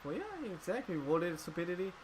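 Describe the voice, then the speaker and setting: A man's voice: high voice, sing-song, a little fast, a little hiss or hum, low-quality recording. Profane, heated man ranting on a podcast. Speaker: podcast host. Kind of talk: casual chat.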